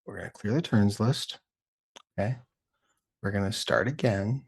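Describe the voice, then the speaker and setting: A man running a tabletop game as game master, talking in a relaxed, chatty way with plenty of fillers. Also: fairly low pitch, normal speed, creaky, breathy edge.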